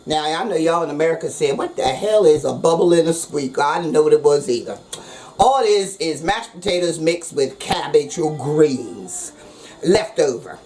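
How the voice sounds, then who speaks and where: A woman's voice: sits low, lively intonation, moderate pace, darkish tone. Jokey woman cooking in her kitchen, chatty slang, noisy background. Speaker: cooking show host. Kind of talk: casual cooking vlog.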